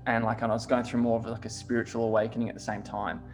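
A man's voice: fairly low pitch, very fast, soft background music. A young man, talking in a casual chat. He tells stories animatedly, fills his speech with "like" and swears often. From Australia. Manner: swears a lot, heavy use of "like", animated storytelling.

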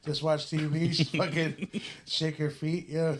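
A man in a casual podcast chat who talks in a relaxed, profane way. His voice sits a bit above the usual male range, with a faint hiss behind it. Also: on the high side, a little slow. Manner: profane, laughing, laid-back. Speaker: podcast co-host.

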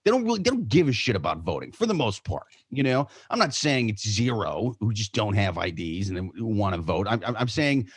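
A man co-hosting a podcast in casual chat, telling stories in an animated, profane way. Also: lowish voice, a little fast, few pauses, slightly rough, no echo, studio quality. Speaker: podcast co-host.

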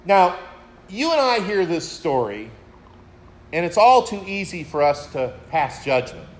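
A man's voice: high voice, very animated, a little slow. A man preaching a sermon, retelling a story in a reflective way and addressing his listeners as friends. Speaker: pastor.

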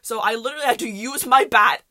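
A woman's voice: a little high, fast talker, pushed and bright, no echo. A woman hosting a casual solo podcast, telling stories in a rambling way, often correcting herself and laughing. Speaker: podcast host.

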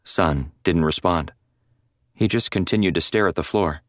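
A man's voice: low voice, moderate pace, no echo. A man narrating a first-person novel as an audiobook in a dry, wry storytelling manner. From North Florida.

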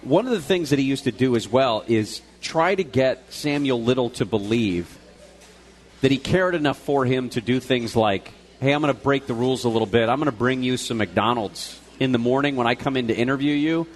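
Live from a restaurant, a male radio co-host retells a news story loosely and conversationally, using fillers and restarting his sentences. His voice sits in the mid-range and moves fairly quickly.

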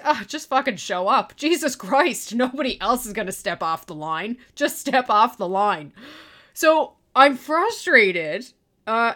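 Middle-aged woman ranting hard, kinda high voice, blunt, swears a lot, zero patience for excuses. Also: a bit bright. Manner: blunt, exasperated, swears freely, mocks excuses in a whiny voice. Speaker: podcast host and online course business owner. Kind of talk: profane ranting monologue.

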